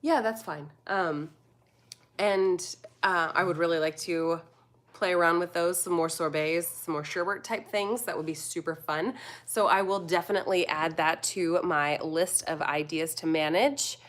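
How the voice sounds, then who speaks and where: American woman in her thirties, chatty and rambling, lowish voice, reads comments on a live stream. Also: measured pace. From United States. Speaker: food vlogger answering live chat. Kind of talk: casual live-stream chat.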